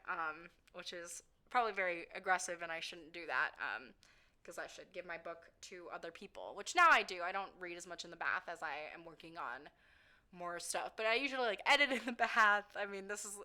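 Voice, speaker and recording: Young woman, bright clear tone, casual vlog chat, rambling, filler-heavy, self-deprecating. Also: on the low side. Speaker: vlogger answering viewer questions.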